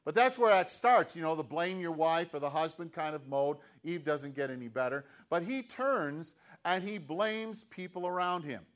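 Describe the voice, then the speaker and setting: A man's voice: a little high, normal speed, hardly any pauses, a bit bright. A man preaching a sermon in a conversational way, with restarts and emphatic, repeated questions. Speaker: pastor.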